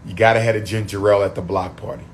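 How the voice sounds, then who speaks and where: A man's voice: lowish voice, flat delivery, very fast, a little hiss or hum. Man losing his voice on a livestream. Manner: repetitive, call-and-response shout-outs to viewers. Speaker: livestream host. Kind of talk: casual livestream chat.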